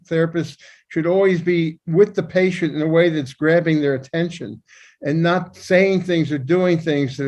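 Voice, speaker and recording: Older male co-host, high-pitched, blunt and emphatic in his opinions. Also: a little mellow. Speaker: podcast co-host, psychiatrist. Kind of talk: conversational discussion.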